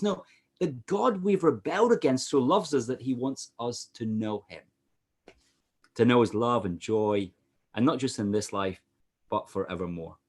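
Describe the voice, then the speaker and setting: A Scottish man preaching as a pastor over a video call, animated, with frequent "uh" fillers. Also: on the high side, moderate pace. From Scotland. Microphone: computer mic on a video call.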